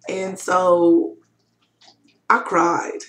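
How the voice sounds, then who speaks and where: A woman's voice: lowish voice, level tone, very slow, a bit bright. Candid woman on a webcam vlog. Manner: candid, emotional storytelling with frequent fillers. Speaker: vlogger. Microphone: webcam mic.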